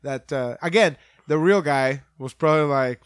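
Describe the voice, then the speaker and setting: A man's voice: a little high, moderate pace, clear, resonant tone, dry recording. A man co-hosting a casual movie podcast, rambling, laughing often and swearing freely. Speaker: podcast co-host. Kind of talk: casual movie review chat.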